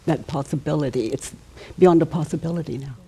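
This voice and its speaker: An older woman guiding a participant in a live workshop, soft and coaxing, sometimes dropping to a whisper. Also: low voice, fairly quick, noisy background. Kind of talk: gentle guided coaching on stage.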